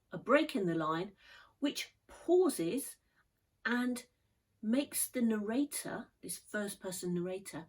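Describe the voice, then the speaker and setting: A woman teacher giving a measured, thoughtful poetry lesson. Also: medium pitch, a little mellow, breathy edge, rough recording. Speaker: English literature teacher.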